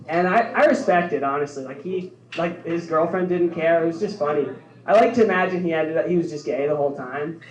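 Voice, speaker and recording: A young man doing a stand-up set in a deadpan way, laughing at his own jokes. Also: fairly high pitch. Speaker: stand-up comedian. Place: bar social club stage, heard from afar. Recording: echoey club from far off.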